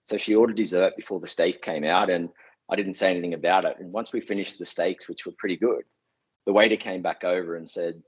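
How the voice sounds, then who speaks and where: A man's voice: deep voice, fairly even intonation, fast, husky. A man giving an earnest motivational talk, telling stories in a conversational way. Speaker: public speaker. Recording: dull lo-fi recording.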